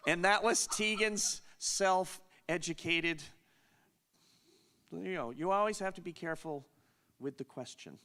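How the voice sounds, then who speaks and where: A middle-aged man with a slightly raised, lively voice answers questions at a conference session. He tells stories in a chatty, rambling way, breaks off mid-sentence and laughs often. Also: high-pitched, unhurried. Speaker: conference Q&A host. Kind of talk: casual storytelling Q&A.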